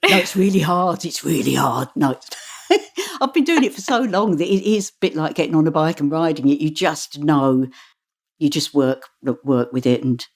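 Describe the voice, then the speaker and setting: A middle-aged woman, an audiobook narrator, talking in an interview in a chatty, animated way and laughing often. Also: low-pitched, normal speed. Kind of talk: interview conversation.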